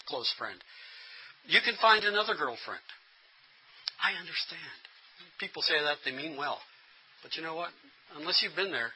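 Bright-voiced earnest male instructor. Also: medium pitch, a little hiss or hum, rough recording. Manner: earnest, plain-spoken, frequent restarts. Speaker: instructor training pastors. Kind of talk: workshop lecture.

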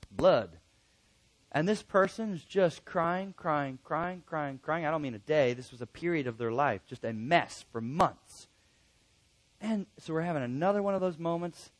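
A man's voice: on the high side, poor audio. A middle-aged male pastor preaching a sermon in an earnest, emphatic way, acting out bits of conversation.

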